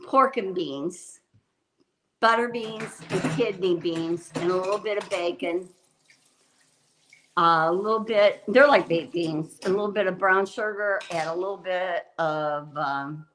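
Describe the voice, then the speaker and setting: A woman's voice: fairly low pitch, a bit bright, a little hiss or hum, poor audio. A woman hosting a livestream, chatting casually with viewers in a rambling way while she cooks. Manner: rambling and chatty, often laughing and restarting. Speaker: livestream host. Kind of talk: casual chat with live viewers while cooking.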